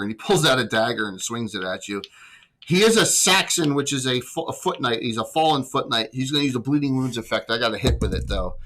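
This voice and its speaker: A man's voice: medium pitch, animated, fairly quick, sharp tone, poor audio. Chatty man running a tabletop game. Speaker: game master.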